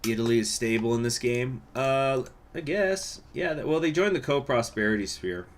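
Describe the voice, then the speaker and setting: A man with a voice of ordinary pitch, chatting loosely as he plays a strategy game on a live stream. He laughs often and breaks off to answer viewers in the chat. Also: lively intonation, a little fast, slight background noise. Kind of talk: casual live-stream commentary.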